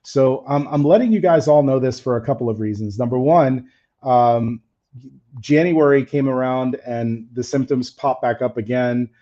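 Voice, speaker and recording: A man's voice: mid-range voice, moderate pace, dark tone, dull audio. A man hosting a camera-gear live stream, talking in a candid, chatty way, his voice a little faded. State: slightly faded voice. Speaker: camera-gear channel host. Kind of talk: casual live stream chat.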